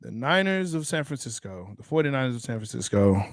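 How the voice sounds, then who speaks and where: A man's voice: medium pitch, big pitch swings, a little fast, no echo, studio quality. A man hosting a sports podcast in casual chat, teasing and laughing often. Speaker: podcast host.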